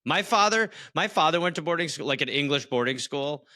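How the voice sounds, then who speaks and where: A man co-hosting a comedy podcast, chatting casually with quick jokey reactions. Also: a little high, animated, bright, forceful tone. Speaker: podcast co-host.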